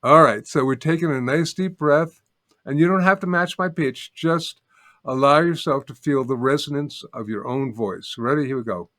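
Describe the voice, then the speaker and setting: An older man teaching as a guest in an interview, calmly explaining and demonstrating a humming practice step by step. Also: a little high, moderate pace. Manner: calm, patient, repeats steps and demonstrates by humming. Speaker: sound healing teacher, guest. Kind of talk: guided instruction in an interview.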